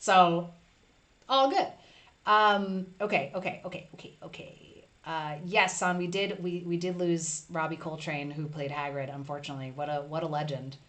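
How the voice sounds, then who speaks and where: A woman's voice: deep voice, steady tone, normal speed, a bit bright. Chatty woman hosting a live stream. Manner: chatty, reads chat aloud, playful asides. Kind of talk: casual live stream chat.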